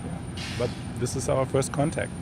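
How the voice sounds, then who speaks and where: A man's voice: medium pitch, fairly even intonation, normal speed, gravelly, heavy background noise. A man visiting a launch site, greeting a live stream audience hesitantly on a handheld mic outdoors. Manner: hesitant, with many fillers. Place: outdoors by a road.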